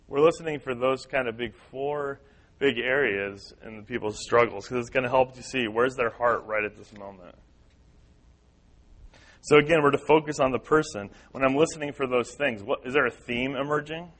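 A man's voice: mid-range voice, normal speed, a bit bright, low-quality recording. A man teaching a church class on listening in personal ministry, earnest and repetitive, acting out the voices of people he quotes. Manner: earnest, repeats key points, acts out quoted voices.

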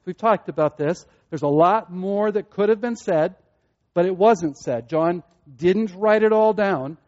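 A man's voice: sits high, unhurried. Earnest preaching man, dull lo-fi sound. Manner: earnest, repeats himself, builds to excited peaks. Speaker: pastor. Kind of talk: sermon.

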